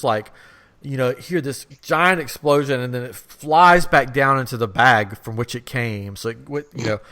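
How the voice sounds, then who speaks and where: A man's voice: medium pitch, a bit bright. A man hosting a podcast, telling a rambling funny story in a casual chat and laughing as he goes. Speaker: podcast host.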